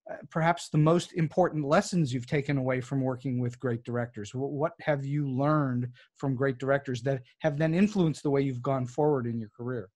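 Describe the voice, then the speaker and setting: A man's voice: medium pitch, fairly quick, hardly any pauses, a little mellow. A man hosting an interview podcast, asking curious, conversational questions. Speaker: podcast host.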